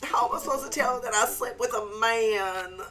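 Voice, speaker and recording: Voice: medium pitch, lively intonation, fairly quick, pushed and bright, recorded from a distance, voice pushed up. A streamer voicing a guilt-ridden married man who panics and pleads in anguish, over game music. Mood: panicked.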